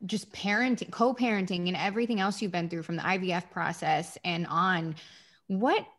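Friendly woman asking rambling questions. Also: lowish voice. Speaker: interviewer. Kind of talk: casual interview.

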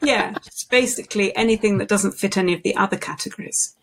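Gravelly woman telling stories. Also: medium pitch, a bit bright. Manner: thoughtful, unhurried, storytelling with many restarts. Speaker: guest, singing voice specialist. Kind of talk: conversational interview.

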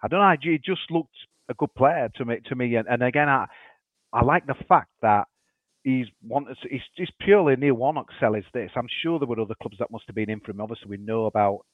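A man co-hosting a football podcast, chatty and excitable. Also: medium pitch, fairly quick, no room sound. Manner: excitable, chatty, laughs easily. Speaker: podcast co-host. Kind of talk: casual chat. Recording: tinny phone-like line.

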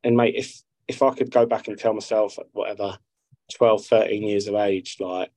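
A man's voice: on the low side, steady tone, normal speed, dark tone, dry recording, low-quality recording. A man, chatting casually as a guest musician, rambling and swearing freely. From South London. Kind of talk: casual interview chat.

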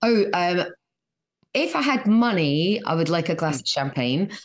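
A woman's voice: fairly low pitch, sing-song, a little slow. A middle-aged Scottish woman, a guest comedian in a casual chat, chatty and self-mocking, often laughing. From Scotland.

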